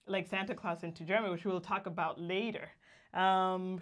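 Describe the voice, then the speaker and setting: A woman's voice: mid-range voice, fairly even intonation, normal speed. A young woman from Guatemala co-hosting a casual livestream, reading viewer greetings aloud and laughing often. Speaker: co-host of a livestream.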